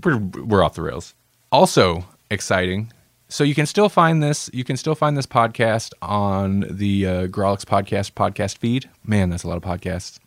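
A man with a fairly low voice hosts a podcast in loose, joking chat, rambling and laughing often. The sound is dry and close, with no room echo. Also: expressive, moderate pace. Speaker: podcast host. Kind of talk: casual chat.

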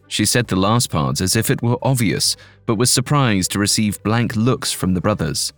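A man narrating a scripted audio drama in a measured, dramatic way. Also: on the low side, animated, soft background music.

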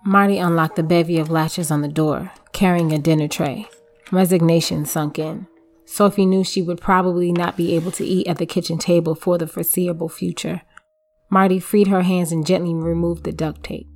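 A woman narrating a short horror story in a steady, measured reading voice. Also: lowish voice. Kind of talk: scripted narration. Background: faint music.

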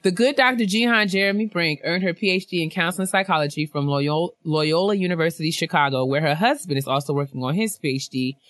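A young woman co-hosting a laid-back chat show, reading listener messages with animated asides and easy laughter. Her voice is bright and crisp. The recording is close and dry. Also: fairly low pitch, fast talker, few pauses, no echo. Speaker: podcast co-host.

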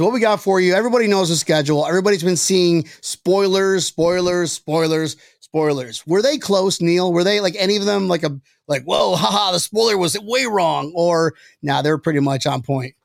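A high-pitched man with a gravelly, creaky edge hosts a casual sports podcast, rambling excitedly and laughing often. The sound is dry and close, with no room echo. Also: normal speed, hardly any pauses. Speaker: podcast host.

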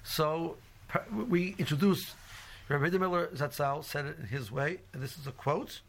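Gravelly man giving a rambling Torah class. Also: a little high, moderate pace. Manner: rambling, full of "you know" and restarts; mixes Hebrew and Yiddish terms into English. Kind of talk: informal religious lecture.

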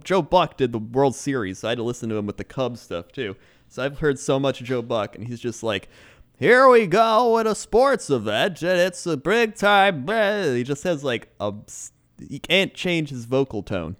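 A man's voice: mid-range voice, expressive, moderate pace. A young man co-hosting a casual comedic chat, laughing often and mocking sports announcers. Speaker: podcast co-host.

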